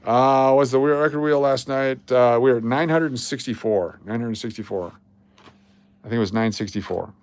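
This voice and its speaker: A man's voice: medium pitch, normal speed. A man hosting a casual livestream, talking to his chat in a blunt, joking, rambling way. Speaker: livestream host.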